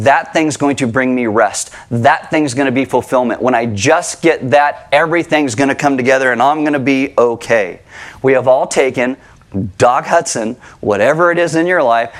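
A middle-aged man preaching a sermon to his congregation, conversational and animated, asking rhetorical questions. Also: mid-range voice. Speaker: pastor. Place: church sanctuary with congregation.

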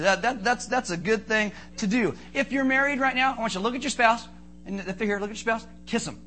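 A man preaching a sermon as pastor, joking and animated, acting out little asides for his congregation. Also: very high voice, fairly quick, a little hiss or hum.

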